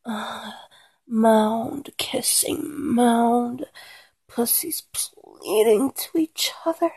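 A woman in a whispered role-play, her voice extremely breathy with a gravelly catch of fry. She draws every phrase out at a very slow, lingering pace, pleading softly between sighs. The sound is close and dry, slightly high for a woman. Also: no echo. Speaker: erotic audio performer.

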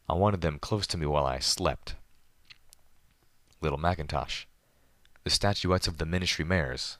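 A man with a very deep voice narrates a first-person story in a measured, even way. The recording is close and dry, with no room around him. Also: dry recording. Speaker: audiobook narrator.

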